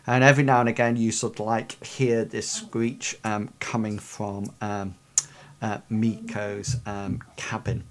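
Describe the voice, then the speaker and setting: Male game master, narrates a fantasy tabletop session, halting and rambling delivery. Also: lowish voice, little pitch movement. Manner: rambling, many ums and sort-of-likes.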